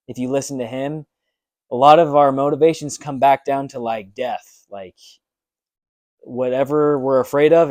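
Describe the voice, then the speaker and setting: Young man, earnest motivational vlog talk, mid pitch, dry close recording. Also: darkish tone, no room sound. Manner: earnest and motivational, with frequent ums. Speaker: fitness vlogger. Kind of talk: personal vlog monologue.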